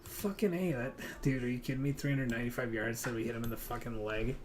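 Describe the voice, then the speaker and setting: A man's voice: medium pitch, steady tone, fast talker, slight background noise. Young man gamer, loose rambling chat with cursing. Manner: rambling, swears freely, talks to players and his kid. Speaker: gaming streamer. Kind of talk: casual chat while playing a hunting game.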